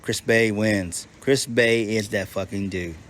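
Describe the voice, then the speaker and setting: A man's voice: on the low side, steady tone, measured pace, a bit bright, a little hiss or hum. A man giving a casual, unscripted recap as a reviewer, blunt and profane, often restarting his sentences. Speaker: wrestling show reviewer.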